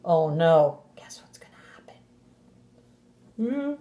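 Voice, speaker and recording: Woman teacher, storybook read-aloud for kids, animated, gasps and sound effects, roomy echo. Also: deep voice, takes it slowly, dull audio. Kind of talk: reading a picture book aloud to young children.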